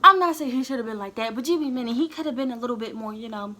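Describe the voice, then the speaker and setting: A woman's voice: on the high side, fast talker, sharp tone. A young woman telling a candid, heated storytime straight to her viewers. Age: young adult. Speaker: vlogger. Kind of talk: storytime vlog.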